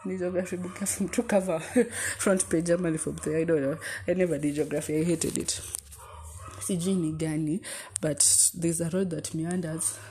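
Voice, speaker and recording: A young Kenyan woman with a low, deep voice hosts her own podcast in a relaxed, chatty way, sliding between English and Swahili slang. A faint noise sits under her voice. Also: normal speed. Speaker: podcast host. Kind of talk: casual personal storytelling.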